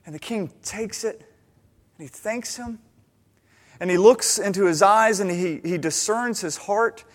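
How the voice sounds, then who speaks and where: A man's voice: high-pitched, a little slow. A man preaching a sermon, telling stories and acting out the people in them. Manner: animated storytelling, acting out characters' lines. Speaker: pastor.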